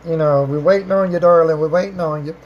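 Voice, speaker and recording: A livestream host answers questions from viewers, affectionately calling them darling and baby. Her mid-range speech rambles and repeats, jumping up in pitch on greetings, though intonation is otherwise fairly even and the pace fast. Faint noise lies under her voice, and the highs are cut off.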